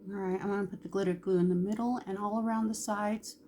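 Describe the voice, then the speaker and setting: A woman's voice: mid-range voice, steady tone, quick pace, warm tone, slight background noise. A woman beauty vlogger talking candidly while doing her makeup, emotional and close to tears at times. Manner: candid, emotional, chatty with Southern-style "y'all". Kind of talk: casual makeup tutorial chat.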